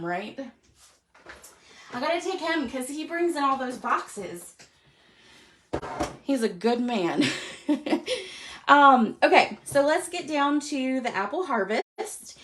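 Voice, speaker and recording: A woman hosting a live craft stream, chatty and quick to laugh, often saying y'all. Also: medium pitch. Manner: chatty, warm-hearted, laughs often, says y'all a lot. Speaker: craft show host. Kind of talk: casual live stream chat.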